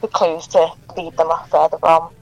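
Thirties female author, phone guest, friendly, hesitant, lowish voice, dry sound. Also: flat delivery, normal speed, gravelly, no echo, muffled recording. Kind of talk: phone interview. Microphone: mobile phone.

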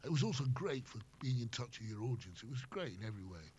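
A man's voice: mid-range voice, very animated, quick pace, a little mellow. An older man, a former radio host, chatting as an interview guest and telling rambling anecdotes. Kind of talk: casual chat. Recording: slightly muffled with faint noise.

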